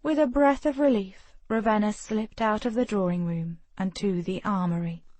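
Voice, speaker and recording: Brief: female audiobook narrator, mid-pitched, expressive, very dry close recording. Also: moderate pace, dry recording. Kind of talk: scripted narration.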